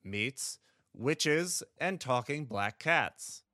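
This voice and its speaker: A man's voice: mid-range voice, animated, drawn-out words, pushed and bright, dry recording, clean studio sound. A man hosting a casual movie quiz, reading out riddle-like questions and ruling on answers. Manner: counts down and rules answers correct or incorrect. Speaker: quiz host.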